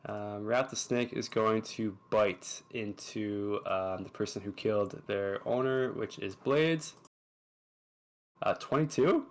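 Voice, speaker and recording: A man running a tabletop game as its dungeon master, chatty and quick, with lots of fillers. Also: on the low side.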